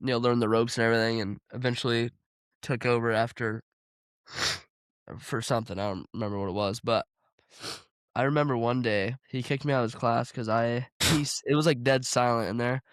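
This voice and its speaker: A man's voice: medium pitch, steady tone, a little fast, dry recording. A young man co-hosting a casual chat, telling joking anecdotes full of fillers.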